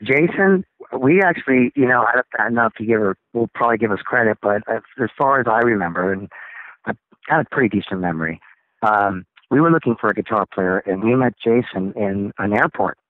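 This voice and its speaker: Man, rock singer guest, low voice, animated storytelling, tinny dry phone audio. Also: brisk, dry recording. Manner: animated, acts out others' lines in high excited voices. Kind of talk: casual storytelling interview.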